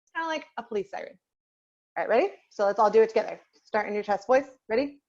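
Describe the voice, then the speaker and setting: A woman's voice: medium pitch, expressive, fast talker, a little mellow, highs cut off. A woman voice teacher leading an online group lesson over a video call, patiently asking the class questions and waiting for answers.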